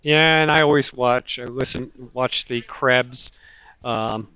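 A man's voice: mid-range voice, slow, pushed and bright. A man co-hosting a casual tech podcast, speaking in a chatty, playful way. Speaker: podcast co-host.

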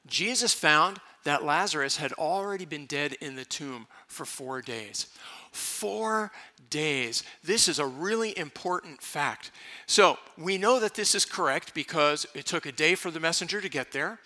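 Man, pastor, sermon, very bright voice, slightly high pitch, conversational scripture teaching. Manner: reads scripture aloud and explains it conversationally.

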